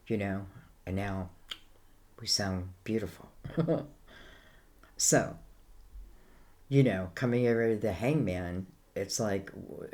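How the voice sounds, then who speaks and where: Irish lady with a low voice doing a tarot reading, rambly, lots of "you know". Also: a little mellow. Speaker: tarot reader.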